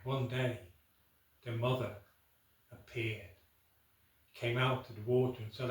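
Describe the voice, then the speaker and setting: A man telling a folk tale aloud, unhurried, with dramatic pauses and asides to the listener. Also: mid-range voice, flat delivery. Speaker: storyteller. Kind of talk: oral folk tale storytelling. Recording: echoey room, from far off.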